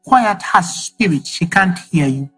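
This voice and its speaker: A male preacher delivers a sermon in a husky, unhurried voice. He leans on repetition and emphasis to drive each point home, while faint music plays behind him. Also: high-pitched, animated, fairly bright tone, rough recording. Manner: emphatic, repeats key phrases for effect.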